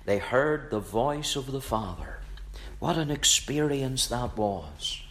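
A man preaching a sermon in a measured, emphatic way, repeating phrases for weight. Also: medium pitch, animated, fairly bright tone.

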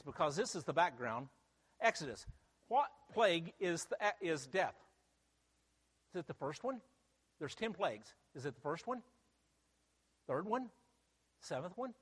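Emphatic man preaching with lively pitch. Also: breathy edge, long reverb tail. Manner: emphatic, with rhetorical questions. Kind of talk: sermon.

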